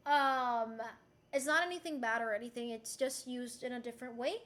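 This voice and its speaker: A young woman, a native Spanish speaker, streaming casually and giving a playful mock Spanish lesson, giggling and repeating words slowly like a teacher. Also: a little high, steady tone, fairly bright tone.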